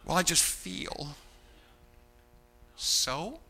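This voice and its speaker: A man preaching a sermon as pastor, animated and mocking, swinging between loud outbursts and hushed asides. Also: a little high, extremely slow, vocal fry, a little hiss or hum.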